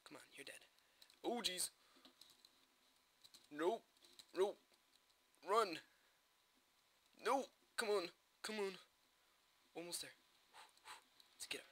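A man casually commentating his own gameplay, excitable and jokey, with quick bursts of alarm. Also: high-pitched.

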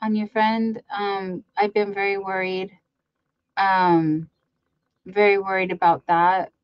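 Slow-talking woman hosting a live stream. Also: medium pitch, flat delivery, clear, resonant tone, dry recording, lo-fi sound. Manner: chatty, reads viewer comments aloud and greets them by name. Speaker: host of a live crafting stream. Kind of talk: casual live-stream chat.

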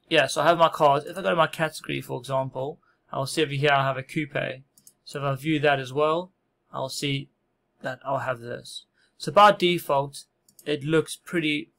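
A man records a laid-back software tutorial at his desk microphone. His voice has a gravelly, creaky edge, and he talks in a loose, self-deprecating way full of fillers and false starts. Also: mid-range voice. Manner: relaxed, self-deprecating, many fillers and restarts. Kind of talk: casual screen-recorded tutorial.

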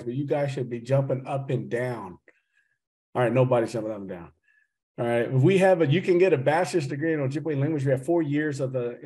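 A man's voice: mid-range voice, mellow. Middle-aged man, slight Southern drawl, loose joking lecturer on a video call, mid-range voice. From Oklahoma. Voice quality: chatty, teasing, loose and joking. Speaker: associate professor and speaker.

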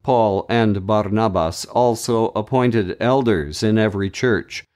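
A man hosting a daily Bible reading podcast, reading scripture aloud in a measured, deliberate way with brief commentary. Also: lowish voice, a little mellow.

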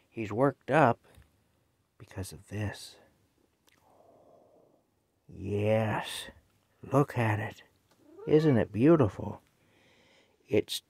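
Guy at home on his phone, slow gravelly voice, sweet-talking his cat. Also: on the low side, darkish tone, dry recording. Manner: slow, fond baby talk to his cat. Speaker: cat owner filming his cat. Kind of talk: casual home vlog talking to a pet. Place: at home indoors.

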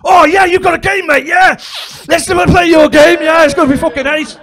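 A man voicing a hyper, pushy male holiday entertainer who shouts everything. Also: very high-pitched, a little fast, voice pushed up. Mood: manic, pushy. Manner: loud, pushy, over-excited.

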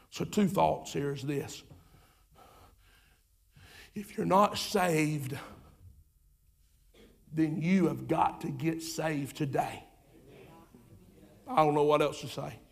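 High-voiced impassioned male preacher. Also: takes it slowly, creaky, long pauses. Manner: impassioned, repetitive, swinging from loud urging to quiet asides. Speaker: pastor. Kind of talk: sermon. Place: church sanctuary.

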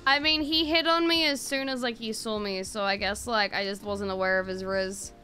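A young woman streaming a game, reacting out loud with quick exclamations and frequent swearing. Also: mid-range voice, fairly even intonation, faint music behind. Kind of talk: casual live-stream gameplay commentary.

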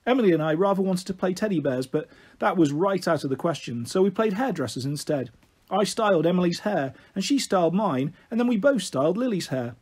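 Male storyteller reading a children's book, husky, lively. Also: high-pitched, fairly quick. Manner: expressive, animated. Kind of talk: reading a children's novel aloud.

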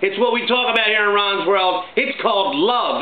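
Middle-aged guy hosting his vlog, upbeat and jokey, kinda high voice, tinny and echoey. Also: moderate pace. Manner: chatty, upbeat, jokey, with shout-outs. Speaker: vlog host. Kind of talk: casual home vlog monologue. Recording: echoey, tinny phone-like sound, faint hiss.

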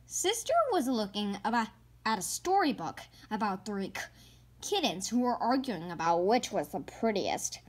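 A woman reading a children's picture book aloud, slowly and carefully, with a few stumbles and hushed passages. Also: medium pitch, sing-song. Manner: slow and careful, some stumbles, hushed at quiet parts. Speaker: storybook reader.

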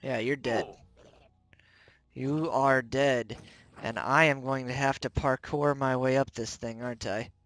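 A man hosting a game let's play, commenting on his own play with jumpy, excitable reactions, yelps and self-mockery, close to the microphone. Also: medium pitch, a little slow. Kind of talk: gameplay commentary.

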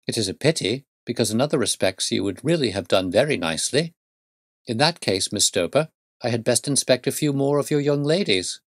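A man doing a fussy, coaxing eccentric gentleman. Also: medium pitch, expressive, fairly quick, dry recording, studio quality, lightly acted. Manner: coaxing, fussy, rising emphasis. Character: eccentric middle-aged gentleman, wheedling and insistent. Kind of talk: audiobook reading.

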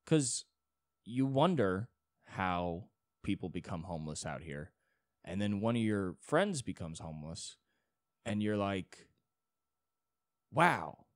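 A man's voice: low-pitched, sing-song, measured pace, darkish tone, no echo, studio quality. A young man hosting a solo podcast, rambling in a casual monologue with many restarts and frequent swearing. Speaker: podcast host.

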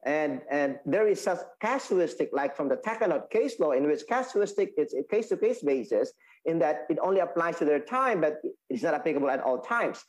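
Male Bible teacher, slightly high voice, earnest halting explanations. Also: animated, low-quality recording. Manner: explaining, repeats and restates points, halting with fillers. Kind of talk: Sabbath school lesson.

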